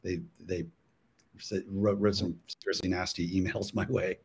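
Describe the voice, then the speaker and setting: A man's voice: deep voice, flat delivery, a little mellow, slightly rough. A man, a guest cartoonist, chatting casually on a panel, often stopping and restarting his sentences. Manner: halting, full of restarts.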